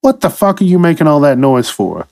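A man's voice: on the high side, sing-song, fairly quick, darkish tone, dry recording, studio quality. A man hosting a comedy podcast, delivering a profane, exasperated solo rant. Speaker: podcast host.

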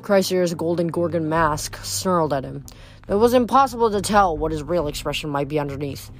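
A woman's voice: low-pitched, faint music behind. Woman reading a novel aloud, chatty asides. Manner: chatty, musing, halting asides. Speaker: reader. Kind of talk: casual book reading with commentary.

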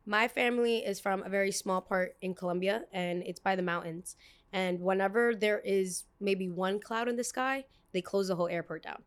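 A young woman from New hosts a podcast. She tells a story in a casual, animated way and acts out the people she quotes. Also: medium pitch, moderate pace, clear, resonant tone. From United States, New York. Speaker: podcast host. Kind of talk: storytime chat.

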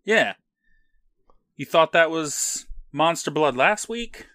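A man's voice: a little high, expressive, slow pace, bright, forceful tone, no echo. Male podcast co-host, wry and dry humor, casual chat, dry close sound.

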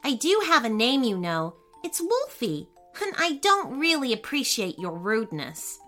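A woman doing a calm cheeky boy. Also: on the high side, unhurried, soft background music, heavily acted. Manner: calm, unbothered.

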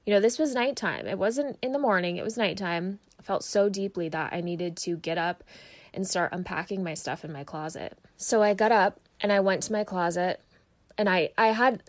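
A woman with a slightly lower voice tells her faith testimony in an earnest, heartfelt way. She talks conversationally, with fillers and restarts, and sometimes sounds emotional. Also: fairly quick. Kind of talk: personal testimony, casual storytelling.

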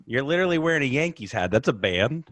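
Man from Florida, podcast host, teasing, animated pitch, dry sound. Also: fast talker, dry recording. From Florida, USA. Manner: teasing, joking. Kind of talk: casual podcast chat.

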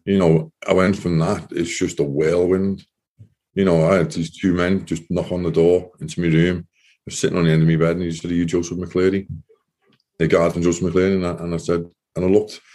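A man's voice: low-pitched, level tone, brisk, warm tone. A man telling a personal story as an interview guest, rambling with frequent "you know" fillers. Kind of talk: casual storytelling.

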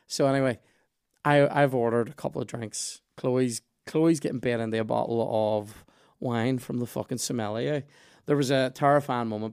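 Man, podcast host, animated storytelling, swears a lot, acts out voices. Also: mid-range voice, clean tone. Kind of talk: casual storytelling chat.

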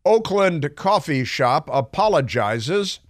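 A man's voice: on the high side, very animated, slow pace, dry recording. A man hosting a talk radio show, delivering a sarcastic, mocking opinion monologue into a studio microphone.

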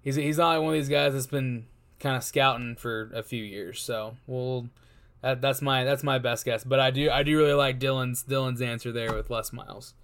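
A man's voice: mid-range voice, steady tone, normal speed, a bit bright. A man co-hosting a casual sports chat, rambling and repeating words as he works out his guesses. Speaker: co-host.

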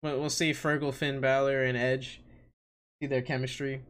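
A man's voice: medium pitch, level tone, moderate pace, fairly bright tone. A man co-hosting a podcast in casual chat, laid-back and jokey, calling his partner "pal". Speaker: podcast co-host.

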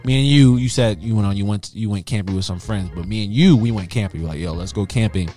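A man co-hosting a casual podcast, animated and laughing, rambling with lots of restarts. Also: fairly low pitch, fast talker, soft background music. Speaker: podcast co-host. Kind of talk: casual chat.

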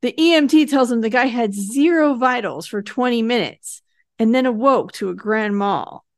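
A woman's voice: a little high, animated, normal speed, no echo, clean studio sound. A woman co-hosting a podcast, casually retelling a TV episode's plot and acting out the characters' lines in passing. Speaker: podcast co-host recapping a TV episode. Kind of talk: casual recap narration.

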